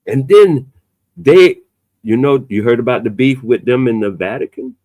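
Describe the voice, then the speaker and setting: Black guy hosting a podcast chat, pitch jumping all over, dead dry sound. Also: normal speed, dry recording. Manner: animated, emphatic, loose conversational delivery with a playful edge. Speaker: podcast host. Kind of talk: casual opinionated chat.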